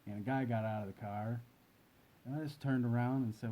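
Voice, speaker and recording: A man telling a personal story in plain, low-key, casual speech. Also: steady tone, a little fast, mellow, poor audio. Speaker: guest.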